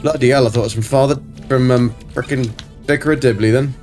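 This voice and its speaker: A middle-aged man at a mid-range pitch chats his way through a live game stream. He answers his chat warmly and mutters to himself over what to do next, with soft game music running faintly underneath. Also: steady tone, a little fast.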